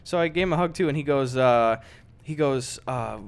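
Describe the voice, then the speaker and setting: A man's voice: mid-range voice, fast, clean tone. A young man co-hosting a podcast, telling a story in casual chat and acting out the people in it. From United States. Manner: animated, acts out the people in his story. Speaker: podcast co-host.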